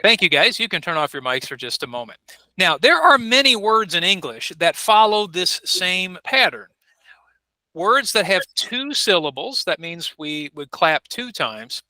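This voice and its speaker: A man's voice: high-pitched, sharp tone, dry recording, rough recording. A man teaching an online English class, patiently repeating words and modeling pronunciation on a video call. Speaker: ESL teacher. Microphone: computer mic on a video call.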